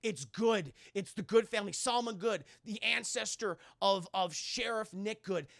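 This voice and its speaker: A man plays a fierce teenage girl spilling a dark secret. The voice is raised and sharp, with an urgent, intense push and plenty of swearing. She is convinced and won't be doubted. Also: high voice, normal speed, gravelly, no room sound, clean studio sound.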